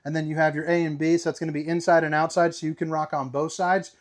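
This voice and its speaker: A man's voice: on the high side, flat delivery, fast talker. A man hosting a casual walkthrough tour inside a travel trailer, upbeat and playful with slangy asides. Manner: upbeat, playful, slangy, calls viewers baby. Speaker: RV tour host.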